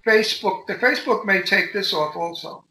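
An older man chats as an interview guest, spinning bawdy stories with animated relish. His voice sits high and sounds sharply bright. The call carries a roomy echo around him. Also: normal speed. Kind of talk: casual interview chat. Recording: echoey room.

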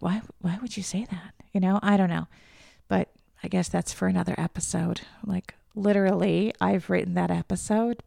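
A podcast host in her fifties talks through personal thoughts in a reflective, candid monologue. Her voice sits low with heavy vocal fry and a dark, mellow tone. The sound is close and dry, with no room around it. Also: no room sound. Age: 50s. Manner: reflective, candid, trailing off into soft murmurs.

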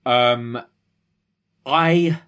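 A man co-hosting a relaxed review podcast, weighing his opinions out loud. His voice sits at a middle pitch, and he often stalls and restarts as he thinks. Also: drawn-out words, clear, resonant tone. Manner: thoughtful, hesitant, with repeated restarts. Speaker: podcast co-host. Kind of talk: casual review chat.

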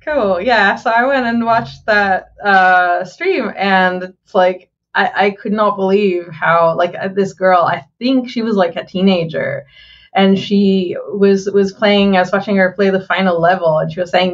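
Chatty woman, dull lo-fi sound. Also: mid-range voice. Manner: chatty, halting, many fillers and restarts. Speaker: game developer. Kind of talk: casual interview chat.

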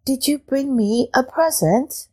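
A woman voicing a gracious female cat queen in a soft, coaxing voice. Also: high-pitched, takes it slowly, voice pushed up.

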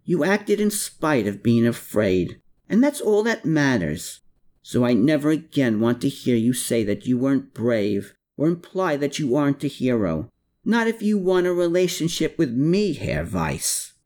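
A woman's voice: rumbling low, sing-song, a little slow, a little mellow, exaggerated voice. A man reading an audiobook voices a spirited young woman who scolds and teases firmly. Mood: firm, teasing. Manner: scolding, exasperated. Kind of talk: audiobook character voice.

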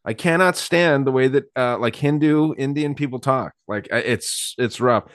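A man's voice: mid-range voice, normal speed, no echo, studio quality. A man co-hosting a podcast, laid-back and blunt in casual chat. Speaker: podcast co-host.

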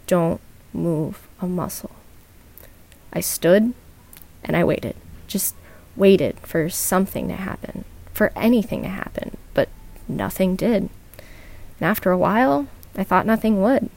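A woman narrates a true scary story for a podcast, her voice pitched in an ordinary middle range with plenty of creaky fry. She keeps a measured pace and lets slow, dramatic pauses hang between lines. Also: lively intonation, a little mellow.

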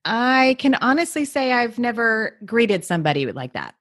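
A woman's voice: a little high, sing-song, normal speed, a bit bright, no echo, clean studio sound. A woman co-hosting a podcast in casual, upbeat chat, laughing easily and talking about her kids. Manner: upbeat, easygoing, laughs often. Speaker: podcast co-host; mother.

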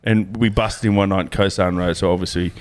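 A low-voiced man in easy podcast banter who is always ready to laugh or tease. His talk is loose and unscripted. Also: steady tone. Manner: joking, quick to laugh and tease. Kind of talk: casual podcast chat.

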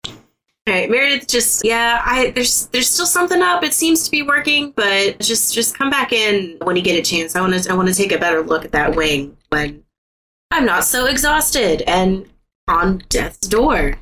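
A woman's voice: medium pitch, lively intonation, moderate pace, pushed and bright, a little hiss or hum. A woman playing a tabletop game, talking out of character in a pleading, giggly way. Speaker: player. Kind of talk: casual tabletop play.

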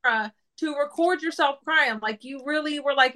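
A woman's voice: high voice, moderate pace, hardly any pauses, sharp tone. Woman, podcast guest, casual chat, frank and agreeable, swears now and then.

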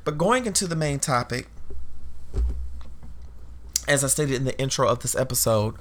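A woman hosting a podcast, talking in an emphatic, preachy way straight to her listeners and calling them y'all, clearly emotional as she speaks. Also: very deep voice, expressive, moderate pace, slight background noise. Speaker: podcast host. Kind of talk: impassioned podcast monologue.

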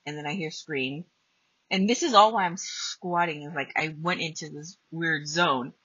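Woman host telling a spooky story, raspy and bright, cusses a lot, flat dry lo-fi sound. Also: low-pitched, normal speed, no room sound. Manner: blunt, profane, animated storytelling. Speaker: podcast host. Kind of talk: casual storytelling. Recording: dull lo-fi dry recording.

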